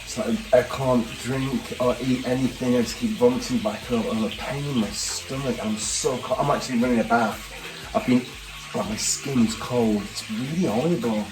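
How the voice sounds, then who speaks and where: A man's voice: mid-range voice, normal speed, low-quality recording. A middle-aged man vlogging casually while unwell and weak, chatty and sorry for himself. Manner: chatty, self-pitying. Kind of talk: casual vlog chat. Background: background music.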